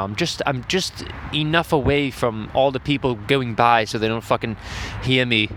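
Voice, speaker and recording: A man's voice: medium pitch, normal speed, a bit bright, a little hiss or hum. A man giving crude, profane running commentary from the stands of a lacrosse game outdoors. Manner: profane ranting, frequent swearing. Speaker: host.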